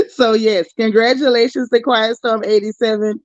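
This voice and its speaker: A woman's voice: a little high, steady tone, unhurried, a little mellow, no room sound, muffled recording. Effusive woman chatting with her livestream viewers. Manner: emotional, effusive, talks to chat viewers by name. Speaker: livestream host. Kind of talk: casual livestream chat.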